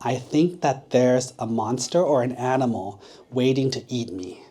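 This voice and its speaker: A man's voice: medium pitch, measured pace, warm tone, slightly rough. A man voicing a clever male super monkey in a children's story, speaking in a questioning, pleading way. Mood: puzzled. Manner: puzzled, pleading, then polite.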